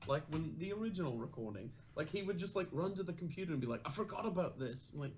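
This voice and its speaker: Lively, laughing man on a noisy line. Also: a little high, rapid-fire. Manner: laughing, playful, riffing on accents. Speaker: tabletop game player. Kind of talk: casual pre-game chat. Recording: clear background noise.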